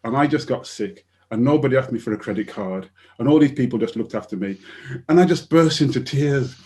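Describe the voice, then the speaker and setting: An older man from the United Kingdom, a guest author telling personal stories in conversation, lively and acting out voices. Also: medium pitch, fairly quick. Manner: animated storyteller who acts out quoted voices and laughs often. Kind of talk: storytelling in a conversation.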